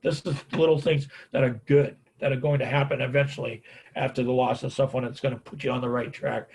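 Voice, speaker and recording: A man's voice: medium pitch, steady tone, a little fast, gravelly, darkish tone, breathy edge. A middle-aged American man giving a folksy, anecdotal talk on caregiving and grief, often tagging his sentences with "man" and "on it.". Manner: folksy storyteller, repeats "man, on it". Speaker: caregiving speaker.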